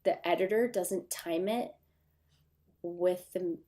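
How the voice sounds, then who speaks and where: A woman's voice: on the low side, takes it slowly, warm tone. A woman with a Midwestern accent and a nasal, stuffy voice, chatting casually with viewers as host of her livestream from her desk at home. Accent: Midwestern American. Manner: chatty, rambling with fillers. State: stuffy runny nose.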